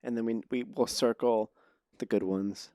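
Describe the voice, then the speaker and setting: A man hosting a casual podcast conversation, sarcastic and quick to laugh, often restarting his words. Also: mid-range voice, steady tone, warm tone, no echo, studio quality. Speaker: podcast host.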